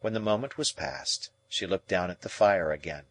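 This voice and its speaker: A man reading a classic novel aloud as audiobook narrator in a measured, expressive way. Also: deep voice, no room sound.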